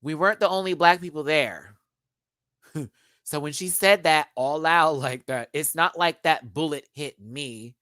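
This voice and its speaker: A man hosting a live stream, telling a story in a casual, animated way straight to his viewers. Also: a little high, a little slow, no room sound, studio quality. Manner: animated, chatty, addresses viewers as y'all.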